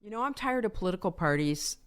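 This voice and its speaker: An older woman co-hosts a casual podcast. She speaks at a mid pitch and airs her gripes in opinionated rants. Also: expressive, fast talker, smooth. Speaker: podcast co-host. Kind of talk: casual generational debate chat.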